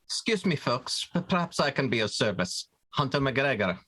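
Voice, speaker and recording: A man's voice: mid-range voice, big pitch swings, normal speed, bright, forceful tone, pitched above the performer's own voice. A man voicing a polite, earnest mech officer who sometimes speaks hesitantly.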